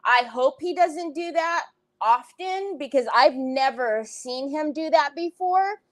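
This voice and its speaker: A high-pitched woman hosts a craft livestream from her home. She chats casually and warmly with viewers, greeting them by name as she goes. Her talk breaks into loud laughs and sudden exclamations. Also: lively intonation, takes it slowly, rough recording. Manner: chatty, greets viewers by name between stories. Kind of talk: casual chat to live viewers.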